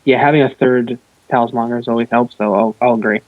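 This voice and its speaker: A man's voice: medium pitch, steady tone, a little fast, no room sound. A tired man playing in a tabletop game, answering casually. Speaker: player. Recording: dry, tinny phone-like line.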